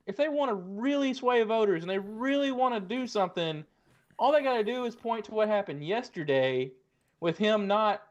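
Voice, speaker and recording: A man co-hosting a political podcast, talking bluntly with a sarcastic edge and plenty of swearing. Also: high voice. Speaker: podcast co-host. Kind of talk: political commentary chat. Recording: slightly dull lo-fi sound.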